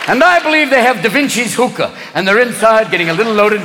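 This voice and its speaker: A man performing a brash, rapid-fire stand-up routine, jumping into voices. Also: high voice, very animated, big-room sound, crowd noise. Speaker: stand-up comedian. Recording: live club audience, noisy.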